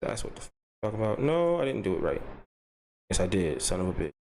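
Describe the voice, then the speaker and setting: A man hosting an unscripted commentary vlog, swinging between loud mock-threatening rants and low muttering. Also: fast. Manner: loud and animated, pitch jumping up high; drops low and mumbly, muttering to himself. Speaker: commentary channel host.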